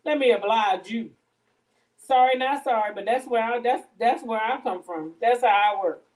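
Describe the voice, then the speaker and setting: A woman's voice: a little high, moderate pace, a little mellow, distant mic, low-quality recording. Blunt, profane woman talking off-mic. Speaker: livestream host. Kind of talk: casual live-stream gossip talk. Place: home kitchen, cooking. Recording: voice a bit off-mic.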